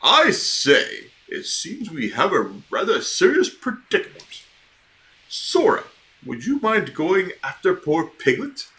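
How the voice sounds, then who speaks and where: A man's voice: high voice, huge pitch swings, takes it slowly, pushed and bright, voice pushed up, heavily acted. A man voicing a fussy, proper old male owl with a prim manner. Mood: concerned.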